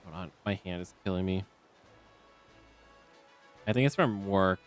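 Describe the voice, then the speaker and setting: A man streams a video game, his voice low and unhurried as he chats casually and rambles with plenty of ums into a desk microphone. Faint game music plays behind this casual live-stream talk.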